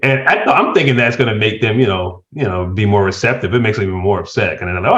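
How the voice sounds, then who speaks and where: Animated man with dull lo-fi sound. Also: fairly low pitch, fast, hardly any pauses. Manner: animated storyteller, laughs while telling stories. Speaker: podcast guest. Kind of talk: casual chat.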